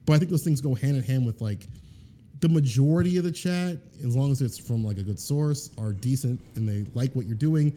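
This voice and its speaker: Brief: male podcast guest, deep, mellow timbre, earnest and rambling delivery, loose chat. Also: fairly quick. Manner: rambling, filler-heavy, earnest. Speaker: guest fighting game commentator.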